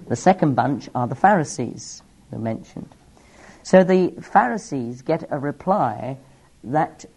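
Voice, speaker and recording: A man's voice: a little high, a little mellow. A man teaching through a Bible passage, explaining each verse with asides and small laughs.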